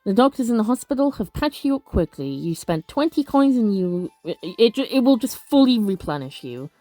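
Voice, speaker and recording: Chatty woman narrator, lively pitch, reads aloud and self-corrects, dry sound, faint music. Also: moderate pace, no echo. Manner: chatty, self-correcting, stumbles over words. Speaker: let's play narrator. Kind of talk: casual game narration, reading aloud.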